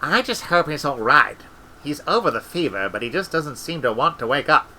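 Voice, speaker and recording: A man voicing an eager, agreeable older wizard in a storybook reading, earnest and quick to agree. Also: on the high side, big pitch swings, pushed and bright, slight background noise, full character voice. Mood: worried.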